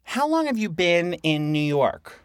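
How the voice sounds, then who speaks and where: A man's voice: high voice, very animated, a little slow, no room sound. A man hosting a casual studio interview, effusive and exclamatory. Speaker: podcast host. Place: recording studio.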